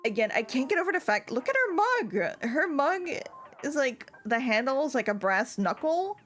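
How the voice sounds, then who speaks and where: A woman's voice: high-pitched, sing-song, moderate pace, a bit bright, faint music behind. A woman from Europe chatting casually on a gaming stream, telling rambling stories with lots of fillers and giggles. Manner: rambling, filler-heavy storytelling with frequent giggles.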